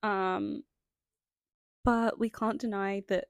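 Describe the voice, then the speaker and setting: Woman with a gravelly fry, video essay. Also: medium pitch, fairly even intonation, normal speed, a little mellow, no room sound. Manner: reads from a script, breaks off into chatty self-conscious asides. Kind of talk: video essay narration with casual asides. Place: indoors at home, lighting changing.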